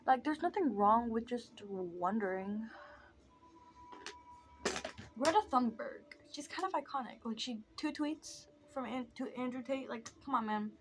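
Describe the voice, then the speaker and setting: Young woman vlogger, a touch high-pitched, loose rambling makeup chat that keeps drifting and making fun of itself. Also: expressive, moderate pace, hardly any pauses. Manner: rambling, self-mocking, drifting off topic. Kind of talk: casual chat while doing makeup.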